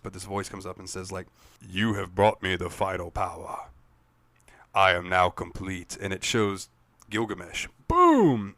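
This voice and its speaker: A man's voice: low voice, a bit bright, dry recording. A man co-hosting a gaming podcast, recapping game scenes in casual, profane chat and laughing often. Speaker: podcast co-host.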